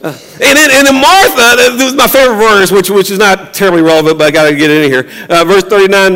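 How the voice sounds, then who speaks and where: A male pastor preaching in a loose, conversational way, repeating himself and breaking into little acted-out quotes. His voice sits high for a man. The sound carries a long reverb, as in a large hall. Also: fast, hardly any pauses, bright, forceful tone. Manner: conversational, repeats and restarts words, acts out quotes. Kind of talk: sermon.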